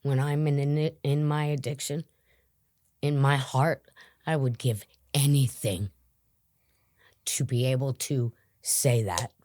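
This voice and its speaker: Female interview guest, low and slow, earnest, dry close sound. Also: fairly even intonation, a little mellow, no room sound. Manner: earnest and reflective, dropping to whispers. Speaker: guest in recovery. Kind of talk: interview conversation.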